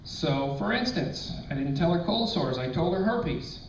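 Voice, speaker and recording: A middle-aged man doing a stand-up comedy set, telling crude stories deadpan and hitting punchlines loudly. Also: a little high, unhurried. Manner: crude, deadpan storytelling with sudden loud punchlines. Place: comedy club stage. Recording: roomy, distant, dull club recording with faint noise. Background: audience laughter.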